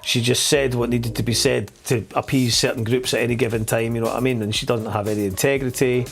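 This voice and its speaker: A man's voice: mid-range voice, steady tone, quick pace, soft background music. A man with a Scottish accent hosting a live politics show. He gives blunt, scornful commentary, rambling with many fillers.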